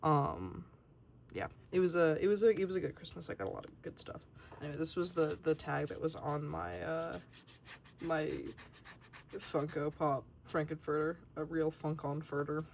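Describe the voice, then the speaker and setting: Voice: mid-range voice, moderate pace, vocal fry, slight background noise. A young adult artist giving a casual, rambling tour of a sketchbook and swearing freely along the way.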